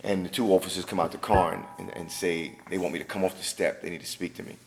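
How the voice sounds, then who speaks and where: A man's voice: deep voice, steady tone, fast talker, creaky, hardly any pauses. A middle-aged man, a personal trainer guest, telling a personal story in a casual interview and acting out the dialogue vividly.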